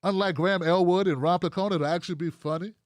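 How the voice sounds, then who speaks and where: A man's voice: high-pitched, fairly even intonation, fast, no room sound. A man from the United States hosting a political livestream, ranting bluntly with heavy profanity and reading out viewer comments. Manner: reads out live chat comments. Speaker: livestream host.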